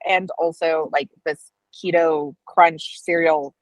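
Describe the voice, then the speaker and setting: A woman's voice: on the low side, moderate pace, no room sound, poor audio. A woman co-hosting a casual live stream, a dietetics student who talks in chatty, meandering stories full of fillers. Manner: chatty storyteller, many "like"s and restarts.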